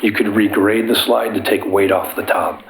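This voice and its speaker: A man with a cold and a gravelly voice, an engineer explaining a landslide problem at a public meeting. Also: fairly low pitch, little pitch movement, normal speed, slight background noise, rough recording. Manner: explanatory, technical, some restarts. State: has a cold. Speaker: geotechnical engineer presenting.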